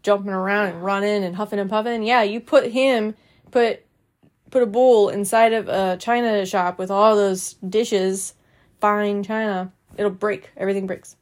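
A mother reading a children's book aloud and gently explaining words to a child. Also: medium pitch, steady tone, measured pace. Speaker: parent reading stories.

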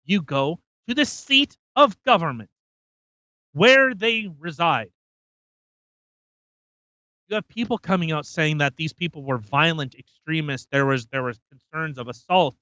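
A man rants on his podcast, swearing and circling back over his own words. His voice is bright and tense, a little higher than most men's. The audio sounds dull and lo-fi, with a dry close mic. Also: lively intonation, unhurried, pauses often, dry recording. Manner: profane, rambling, repeats himself. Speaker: podcast host. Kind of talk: casual ranting commentary.

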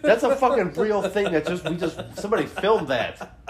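Lively, loud-swearing podcast co-host man. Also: high voice, moderate pace, reverberant. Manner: loud, swearing, laughing often. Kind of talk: casual reaction chat.

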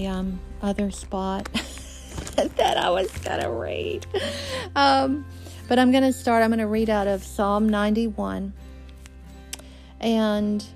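A woman giving an earnest, folksy devotional talk and reading scripture aloud, with many fillers. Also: mid-range voice. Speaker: preacher.

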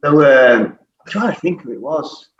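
At a moderate pace and with a mid-range voice, a middle-aged ex-footballer tells stories in an easy chat, cursing a lot and laughing as he goes. He's lively throughout. Faint noise sits under the echoey, distant, dull audio.

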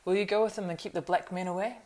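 A woman voicing a grim, watchful male ranger who speaks in a quiet, measured, grave way. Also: lowish voice, fairly even intonation, pitched above the performer's own voice, lightly acted. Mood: challenging.

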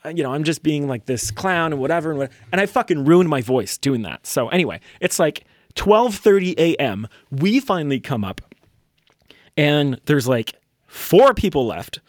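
A man's voice: fairly high pitch, animated, moderate pace, dry recording, clean studio sound. A man in his twenties, hosting a podcast, telling a rambling, profane, self-mocking story in casual chat. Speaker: podcast host.

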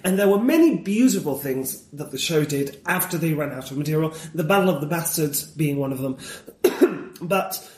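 A man's voice: on the high side, expressive, normal speed, darkish tone, roomy sound. A man talking as a guest in a casual conversation, enthusiastic and opinionated, wandering off on tangents.

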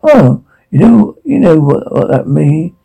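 A taunting, obsessive security guard who gloats over his captive, his gravelly, husky voice sitting a little high, as a man acts him out. He mocks in a dark audio drama and snaps into bursts of rage. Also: sing-song, a little slow, full character voice, poor audio. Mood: mocking. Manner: taunting, mocking, veers into rage. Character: menacing obsessive male security guard captor.

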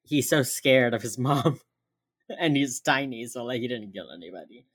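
A woman co-hosting a casual chat, retelling a TV episode with animated voices for the characters and frequent laughs. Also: very deep voice, normal speed. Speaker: podcast co-host recapping a TV episode.

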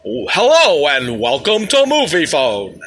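A man putting on the voice of a smooth male movie phone-line announcer, with a polished announcer delivery. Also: on the high side, wildly swooping pitch, unhurried, fairly bright tone, a little hiss or hum, exaggerated voice.

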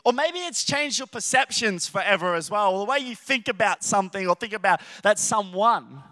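A man's voice: high voice, lively intonation, a little fast, pushed and bright, no echo. A man preaching a sermon, telling stories with playful, acted-out voices.

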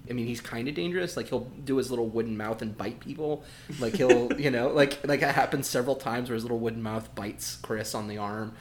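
A man co-hosting a podcast in casual chat, animated, with many fillers and laughs. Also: medium pitch, fairly quick, slight background noise. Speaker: podcast co-host.

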